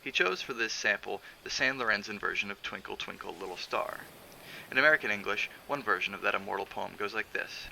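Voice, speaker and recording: A man reading a novel aloud on a stream, in a measured, steady narration with the odd filler. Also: lowish voice, creaky, a little hiss or hum, poor audio. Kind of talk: audiobook narration.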